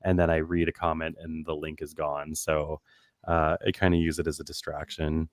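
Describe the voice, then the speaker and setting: A man's voice: extremely low pitch, flat delivery, moderate pace, dry recording, studio quality. A man who is a guest medium, talking thoughtfully in a casual conversation and laughing now and then; he calls himself a nervous person. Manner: thoughtful, self-described nervous, laughs often.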